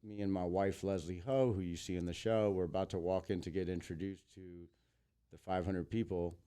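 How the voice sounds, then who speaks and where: A man in his thirties tells stories as a guest in a casual interview, animated and fond of acting out what people said. His voice sits low, with a dark, mellow tone. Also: clear, resonant tone. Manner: animated, acts out quotes in big voices. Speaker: guest, entertainer.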